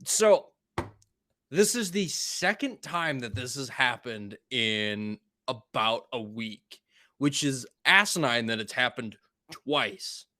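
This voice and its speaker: A man's voice: mid-range voice, lively intonation, takes it slowly, sharp tone, no room sound. A tired man from Wisconsin co-hosting a podcast, chatting casually and bluntly with lots of swearing. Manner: blunt and profane, storytelling. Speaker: podcast co-host. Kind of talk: casual chat.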